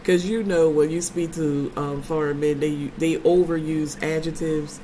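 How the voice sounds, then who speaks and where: A woman's voice: sits low, steady tone, unhurried, warm tone, a little hiss or hum, low-quality recording. Chatty woman vlogger talking to viewers. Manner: chatty storyteller, playful and emphatic. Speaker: vlogger host. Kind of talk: casual chat with live viewers.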